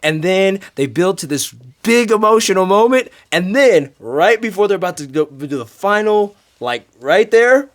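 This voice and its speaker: A man in a band telling a story in an interview, lively, with big swings in pitch and volume. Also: moderate pace, hardly any pauses. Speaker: band member.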